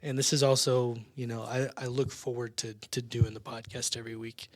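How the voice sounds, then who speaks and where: A man co-hosting a church podcast in a casual chat, talking haltingly with many restarts and repeated words. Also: medium pitch, flat delivery, no echo. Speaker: podcast co-host.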